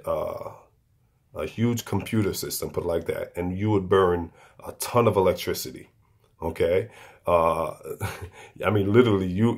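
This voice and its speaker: A man giving an unscripted explanation to viewers, talking haltingly and often restarting and repeating words. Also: deep voice.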